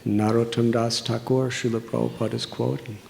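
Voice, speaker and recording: A man's voice: medium pitch, flat delivery, creaky, darkish tone, a little hiss or hum. A man, giving a sermon as a monk in an earnest, storytelling way. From United States. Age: 60s. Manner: slow, earnest storytelling with long pauses. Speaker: monk giving a religious discourse.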